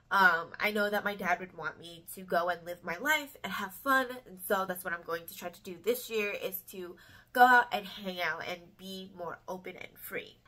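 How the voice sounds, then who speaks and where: A young woman speaks in a personal vlog with a bright, pushing timbre. She is open and unguarded, wandering through her thoughts with plenty of soft fillers, at an ordinary middle pitch. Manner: candid, rambling, many hedging fillers. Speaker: book vlogger. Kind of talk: personal vlog talk to camera.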